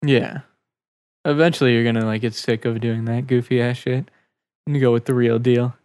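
An American man in crude, casual podcast banter, joking loudly and swearing often. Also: mid-range voice, fairly even intonation, moderate pace, clear, resonant tone, dry recording. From United States. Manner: loud, joking, swears a lot.

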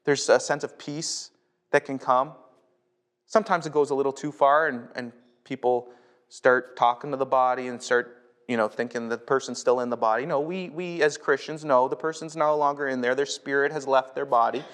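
A man from North America, a pastor, preaching a sermon in a casual, conversational way. He often repeats words as he starts a thought and rises sharply in pitch when retelling a story. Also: fairly even intonation, moderate pace, fairly bright tone.

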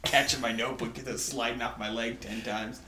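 A man's voice: medium pitch, flat delivery, a little fast, bright, forceful tone, roomy sound, a little hiss or hum. Laid-back swearing male podcaster. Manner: laid-back, swears casually, short supportive replies. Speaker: podcast co-host. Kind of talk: casual chat.

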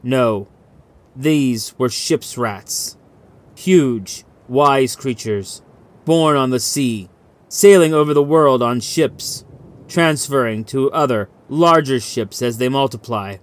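A man reading a suspenseful short story aloud, narrating in a measured, vivid way. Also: mid-range voice. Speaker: audiobook reader.

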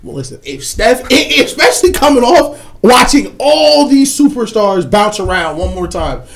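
A man co-hosting a casual sports talk show, excitable and slangy, often laughing and repeating himself for emphasis. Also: very high voice, moderate pace. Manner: excitable, laughs often, swings loud and soft. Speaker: podcast co-host.

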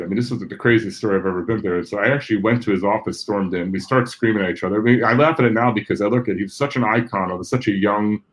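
Middle-aged jersey guy telling stories on a podcast, animated, curses a lot, does the voices of people he quotes. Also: on the low side, poor audio. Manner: animated, acts out quoted people, swears freely. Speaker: guest. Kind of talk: casual anecdotal storytelling.

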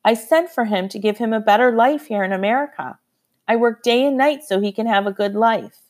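A humble immigrant uncle pleads earnestly, his voice lifted higher than the narration, as a woman reads him. He sounds worried and sincere, a figure from a storybook. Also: a little fast, close to an everyday voice.

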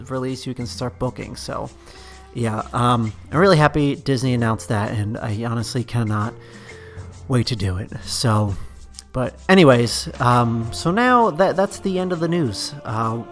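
A man hosting a podcast, talking casually through the news with many fillers and restarts, a little emotional. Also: medium pitch. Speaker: podcast host. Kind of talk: casual solo news chat.

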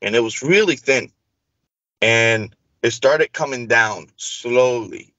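A man's voice: medium pitch, slow pace, no room sound, muffled recording. A man telling an interview host a long personal story in casual speech, acting out the dialogue. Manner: animated, acts out quoted dialogue. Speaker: interview guest.

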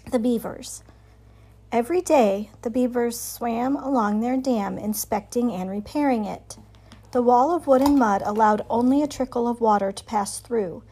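A woman with a high, light voice reads a children's novel aloud. Her narration is clear and steady, with an even storytelling rhythm.

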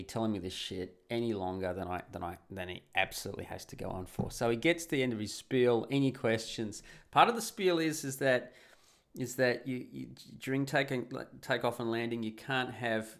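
A man's voice: on the low side, vocal fry. An adult man casually telling a rambling, profane travel anecdote, often laughing as he talks. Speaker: storyteller.

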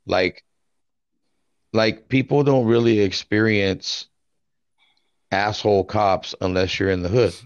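A low-voiced man talking in relaxed slang, calling people bro. The recording is dry and a bit muffled, with no room sound. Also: slow, pauses often, dry recording. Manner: laid-back slang, says bro often. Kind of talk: casual chat. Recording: dry, dull lo-fi audio.

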